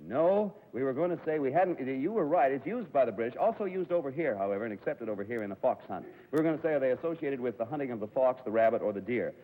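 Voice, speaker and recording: A man's voice: mid-range voice, expressive. Wisecracking man hosting a vintage quiz show. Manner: joking, quick wisecracks. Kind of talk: live radio quiz hosting. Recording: tinny, hissy 1950s broadcast recording.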